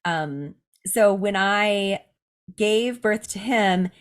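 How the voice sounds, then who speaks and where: A woman's voice: mid-range voice, extremely slow, a little hiss or hum. A woman in her thirties, a podcast host, candidly telling a personal story in casual chat, laughing often. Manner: candid, laughs often, quotes others in livelier voices.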